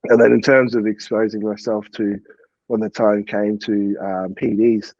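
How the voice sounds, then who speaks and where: A man talks in a loose, rambling way, peppering his sentences with fillers and the odd swear. His voice is mellow and relaxed. The sound is dry and a bit dull. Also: lowish voice, measured pace, no room sound. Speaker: podcast guest, bodybuilding coach. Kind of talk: casual interview chat.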